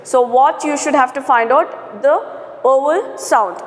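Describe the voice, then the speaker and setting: A woman, teaching a grammar lesson, repeating words and saying "okay" often. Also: sits high. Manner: slow, repetitive, spells out syllables, frequent "okay". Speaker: English teacher. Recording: roomy echo with long reverb.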